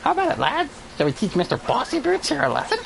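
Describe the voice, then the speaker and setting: A squeaky, taunting rat thug from a video game. The voice leaps all over the place with a gritty rasp underneath and drawn-out squeaks. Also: male voice, huge pitch swings, heavy background noise, full character voice. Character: cheeky squeaky male rat gang leader.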